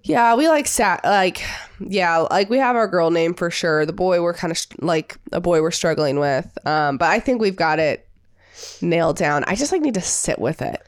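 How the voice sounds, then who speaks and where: Young woman co-host, bubbly storyteller; lowish voice, close and dry. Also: lively intonation, normal speed, dry recording. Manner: bubbly storyteller, many "like" fillers. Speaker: podcast co-host. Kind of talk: casual chat.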